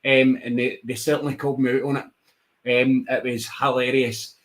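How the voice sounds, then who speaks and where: A man's voice: mid-range voice, moderate pace. A Scottish man, a wrestler guest on a radio show, telling stories in casual chat and acting out the voices. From Scotland. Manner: animated storyteller, acts out voices, laughs often.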